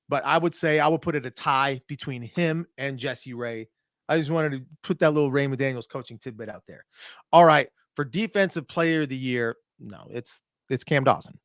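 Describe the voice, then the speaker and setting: A man's voice: fairly high pitch, a little fast, dry recording, clean studio sound. A young man from Minnesota, a point fighter guest on a podcast, telling a story in casual chat and acting out the quotes. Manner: animated storyteller, acts out quotes.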